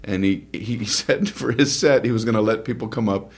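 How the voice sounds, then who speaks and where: A middle-aged man, a stand-up comedian, chatting as a podcast guest and telling animated stories from his stage career. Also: on the low side, normal speed, slightly rough. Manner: animated storyteller who acts out his old stage bits. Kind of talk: casual podcast chat.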